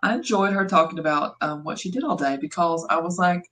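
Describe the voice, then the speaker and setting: A woman reviewing an audiobook in casual chat, chatty and full of "like", her pitch jumping up when she quotes herself. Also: expressive, fast talker, hardly any pauses, a bit bright, low-quality recording. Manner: chatty, filler-heavy, jumps up in pitch when quoting herself. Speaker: podcast co-host.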